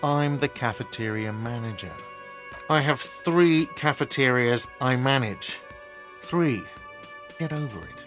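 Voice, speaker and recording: A man's voice: mid-range voice, a little slow, fairly bright tone, faint music behind, lightly acted. An actor playing a petty, defensive male cafeteria manager in a video game, with a whiny voice and snippy, indignant retorts.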